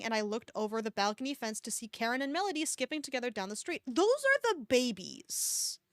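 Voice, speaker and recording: A woman's voice: a little high, no room sound, studio quality. Sarcastic woman reading fan fiction aloud. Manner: sarcastic, swears often, breaks off to mock the text. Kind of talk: comedic dramatic reading with commentary.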